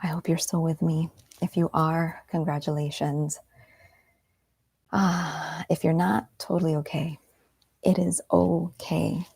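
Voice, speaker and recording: A woman leads a guided meditation in an unhurried, slightly low voice, gentle and soothing and often dropping to a near whisper. Her tone is openly heartfelt and earnest. The recording is dry and close, with no room sound. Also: little pitch movement, creaky, slightly rough, no room sound. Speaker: meditation teacher.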